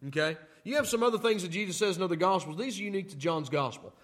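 A man preaching a sermon in a folksy way, often asking "okay?" and moving between loud emphatic lines and quiet asides. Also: high voice, racing. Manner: folksy, repeats "okay?" to check in with listeners. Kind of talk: sermon teaching.

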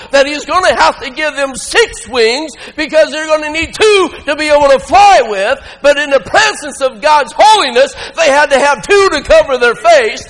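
A male preacher giving a sermon with emphatic, shouting delivery and frequent laughter. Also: very high voice, big-room sound.

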